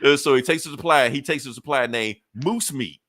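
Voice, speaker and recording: A man's voice: medium pitch, fairly quick, a bit bright, no room sound. Laid-back man recapping a comic. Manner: loose storytelling, acts out quotes, laughs often. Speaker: podcast co-host.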